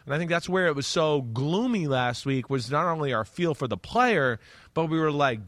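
A man's voice: a little high, normal speed, no room sound. A man co-hosting a sports talk show as a former player, talking loosely and acting out what players think. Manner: animated, loose, acts out players' thoughts.

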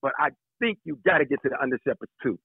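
Man, 60s, interview guest, animated joker, husky, phone-like sound. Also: medium pitch, fast talker, no room sound. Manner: animated, joking storyteller. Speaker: actor, guest. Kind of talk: casual interview chat. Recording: tinny phone line.

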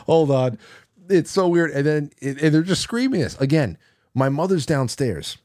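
A man's voice: fairly high pitch, big pitch swings, moderate pace, darkish tone, dry recording. A man hosting a radio show, casually reminiscing in a rambling, amused storytelling manner with frequent restarts, close to a studio mic.

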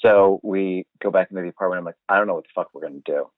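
A man telling a funny story in a casual chat, animated and swearing, acting out what he said at the time. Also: low voice, rapid-fire. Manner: animated, swearing, acts out his own quotes. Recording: dry, phone-like sound.

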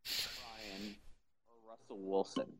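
A man co-hosting a casual sports chat, energetic and loose, sprinkling in fillers. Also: on the low side, slow pace, slightly rough. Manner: energetic, uses filler like you know.

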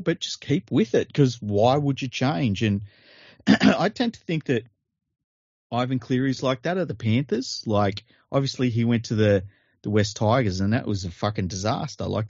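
A man's voice: medium pitch, lively intonation, darkish tone, husky, dry recording, muffled recording. Laid-back Australian man, dry sound. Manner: laid-back, halting with fillers. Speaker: podcast co-host. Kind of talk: casual sports chat.

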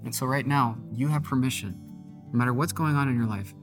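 A man's voice: medium pitch, brisk. Earnest pastor, man, faint music behind. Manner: earnest, conversational, with emphatic dramatic readings. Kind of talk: devotional podcast sermon.

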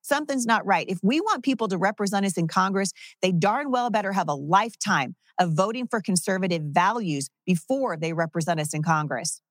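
A woman's voice: lowish voice, animated, no echo, studio quality. A woman running for Congress, talking in an emphatic, indignant way on a talk show. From Southwest Washington state. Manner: emphatic, indignant, rapid-fire. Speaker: political candidate guest. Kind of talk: campaign talk-show interview.

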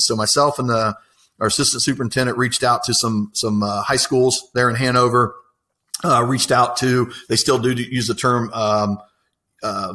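A man's voice: mid-range voice, sharp tone. Enthusiastic man. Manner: enthusiastic, rambling storyteller with many fillers. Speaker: apprenticeship coordinator. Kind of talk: casual interview talk.

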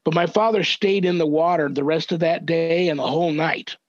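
An older man, a reverend, earnestly recounting a family story as a podcast guest, measured and thoughtful with small restarts. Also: fairly high pitch, fairly even intonation, dry recording. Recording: dull, dry lo-fi audio.

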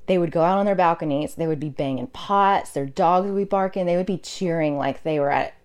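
Chatty woman telling stories, lower voice. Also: a little fast, smooth. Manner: animated, emotional storyteller with many fillers. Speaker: nurse, podcast guest. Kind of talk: casual interview storytelling.

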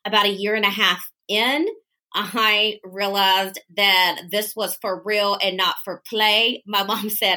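Animated woman telling a story. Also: medium pitch, slow. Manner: animated, acts out quoted dialogue. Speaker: podcast guest, florist business owner. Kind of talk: casual storytelling interview.

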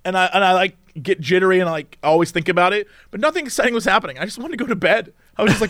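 A man's voice: sits high, rapid-fire, few pauses, no echo, clean studio sound. A man telling a story in casual chat, acting out other people's lines. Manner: animated, acts out people's lines in mimicked voices. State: tired from no sleep. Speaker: podcast co-host.

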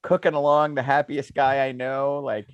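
Animated storytelling man, dry sound. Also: medium pitch, moderate pace, clean tone, no room sound, dull audio. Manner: animated storyteller, laughs often. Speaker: podcast co-host. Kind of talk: casual chat.

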